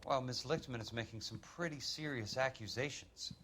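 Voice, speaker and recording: An actor playing a respectful, steady 1940s insurance investigator in a game. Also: male voice, mid-range voice, moderate pace, noisy background, natural voice. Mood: earnest.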